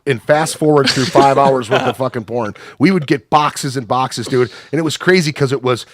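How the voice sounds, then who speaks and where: A man with an Upper Midwest American accent tells crude anecdotes in a loose, rambling way, swearing freely and piling on fillers. His pitch sits mid-range and the sound is dry and close, with no room around it. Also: moderate pace, no echo. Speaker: podcast guest. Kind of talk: casual storytelling.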